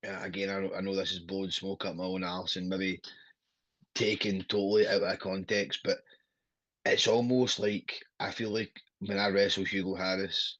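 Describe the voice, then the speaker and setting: A man's voice: deep voice, level tone, moderate pace, a bit bright, no room sound, lo-fi sound. A Scottish man, a wrestler, chatting casually as a podcast guest, blunt and sweary with a laughing storyteller's manner.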